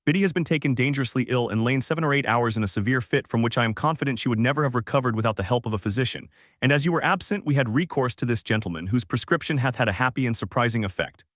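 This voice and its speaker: A man voicing a flustered older gentlewoman who explains herself in a hurry. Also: mid-range voice, very fast, no room sound, studio quality, natural voice.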